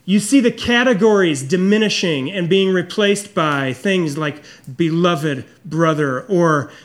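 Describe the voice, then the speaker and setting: Middle-aged male pastor with a high-pitched voice, preaching earnestly and personally. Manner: earnest, confessional, drops low and soft for emphasis. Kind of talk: sermon.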